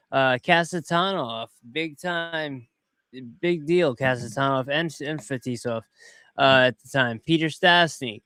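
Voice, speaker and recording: Male podcast host, a touch high, smooth and clear, rambling casual commentary. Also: dry recording. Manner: rambling, chatty, quick to get excited. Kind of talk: casual commentary over video clips.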